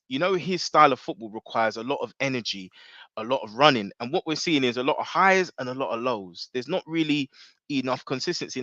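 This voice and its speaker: Man, podcast co-host, bright tense voice, lo-fi muffled sound, argues tactics at length. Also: medium pitch, no echo. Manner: animated, opinionated, explains tactics at length. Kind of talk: casual football chat.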